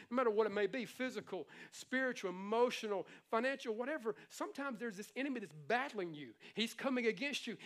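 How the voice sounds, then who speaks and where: High-voiced animated male preacher. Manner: animated, conversational preaching with playful impressions. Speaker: pastor. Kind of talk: sermon.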